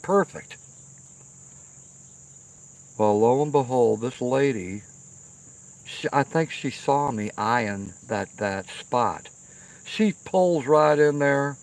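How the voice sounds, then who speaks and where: A mid-range male voice with no room sound belongs to a middle-aged livestream host. By a fire pit outside at night, he casually spins a rambling, profane story, frequently tossing in "okay?"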